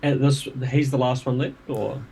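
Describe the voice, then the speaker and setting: A man's voice: mid-range voice, fairly even intonation, normal speed, vocal fry, mellow, slight background noise. A man playing a tabletop game, describing his character's actions in an easygoing way. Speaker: player. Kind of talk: tabletop role-play.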